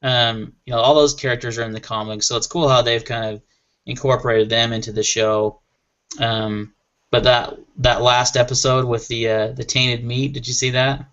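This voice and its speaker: Man, casual panel chat, enthusiastic, rambling, average pitch, dull lo-fi sound. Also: little pitch movement, normal speed, fairly bright tone. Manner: rambling, enthusiastic, laughs often. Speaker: panel member on a gear chat show. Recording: muffled lo-fi audio.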